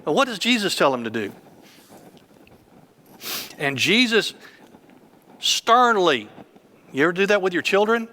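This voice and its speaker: A man's voice: high-pitched, big pitch swings, measured pace, pauses often, sharp tone. A man in his fifties, a church elder preaching a sermon with emphatic, repetitive phrasing.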